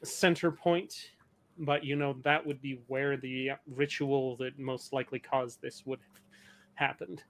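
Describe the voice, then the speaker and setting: A man running a tabletop role-playing game as game master, explaining rules in a measured way. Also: mid-range voice, fairly even intonation, fairly bright tone.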